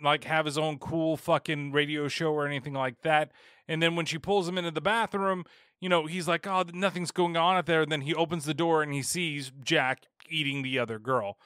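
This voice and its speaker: A man's voice: a little high, sharp tone, smooth, dry recording, studio quality. A man hosting a horror movie podcast, rambling casually with profanity and sarcasm. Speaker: podcast host. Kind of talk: casual film review.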